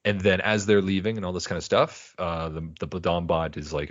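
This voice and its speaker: A man's voice: sits low, moderate pace, no echo, muffled recording. A man co-hosting a podcast, rambling through a casual episode recap and slipping into character quotes. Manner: rambling, animated retelling with put-on character quotes. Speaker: podcast co-host.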